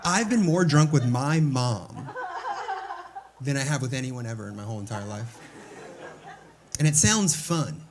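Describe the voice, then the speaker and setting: A young man working a comedy club stage, his delivery crude and deadpan with mock exasperation. His mid-pitched voice comes through a handheld mic. A steady wash of noise sits under the live recording. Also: a little slow, pauses often. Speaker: stand-up comedian. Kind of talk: stand-up comedy set. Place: comedy club stage before a laughing audience.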